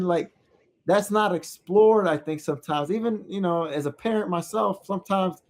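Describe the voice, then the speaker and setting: A man with a slightly higher-than-usual voice talks through ideas on a podcast. He speaks in a casual, reflective way. He often stops and restarts his sentences as he searches for the right words. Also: normal speed. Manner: thoughtful, searching, with frequent restarts. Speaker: podcast co-host; parent.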